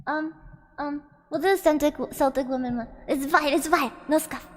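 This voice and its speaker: A woman's voice: high-pitched, normal speed, big-room sound, soft background music. A woman streamer chatting playfully with her chat between karaoke songs. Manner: chatty, reads chat aloud, playful complaints. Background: karaoke backing track.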